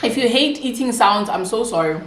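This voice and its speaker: A young South African woman with a Xhosa-influenced accent, telling a casual storytime while eating, chatty and animated. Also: a little high, brisk, reverberant, a little hiss or hum. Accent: South African, Xhosa-speaking. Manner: chatty, code-switching, animated retelling. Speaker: vlogger.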